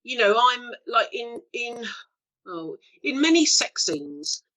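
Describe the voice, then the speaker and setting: A woman in her fifties tells bawdy anecdotes as the guest of an interview. Her voice sits a little high, and she talks in a loose, chatty way, laughing often. She is a frank storyteller. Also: animated, slow, pushed and bright, rough recording. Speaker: actress guest.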